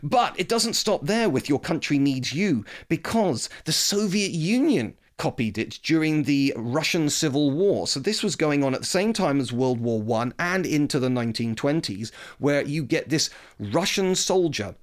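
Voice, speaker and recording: A man's voice: fairly high pitch, expressive, normal speed. Rambling man talking history. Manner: rambling, full of fillers and restarts. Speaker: host. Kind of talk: casual history talk.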